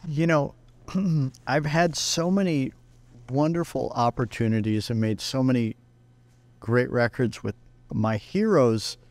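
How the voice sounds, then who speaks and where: A male guest guitarist telling anecdotes in a lively way, briefly acting out what other people said. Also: mid-range voice, measured pace, no room sound. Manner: acts out other people's lines while telling stories. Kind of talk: animated anecdotal storytelling.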